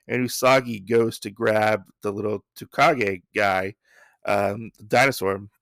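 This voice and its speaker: Man, podcast host, casual comic recap, rambling, gravelly voice, dry sound. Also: fairly low pitch, unhurried, fairly bright tone, no echo. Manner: rambling, many fillers and restarts.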